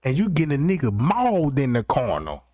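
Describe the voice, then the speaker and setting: A man's voice: medium pitch, wildly swooping pitch, moderate pace, dark tone, no echo, studio quality. A man hosting a livestream, rambling through a profane comic rant and constantly checking in with his listeners. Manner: rambling, keeps asking "you know what I'm talking about". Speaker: livestream host.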